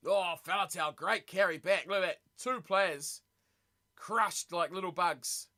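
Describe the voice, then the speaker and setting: A man hosting a live watch party stream, reacting excitedly to a rugby match and chatting with viewers. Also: high voice, measured pace. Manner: excitable, chatty, reads viewer messages aloud.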